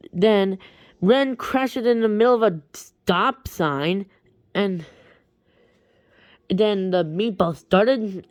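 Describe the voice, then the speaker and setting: Slow, halting woman telling a story. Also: medium pitch, clean tone, no echo, studio quality. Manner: halting, with many restarts and repeated words. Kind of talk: casual rambling story retelling.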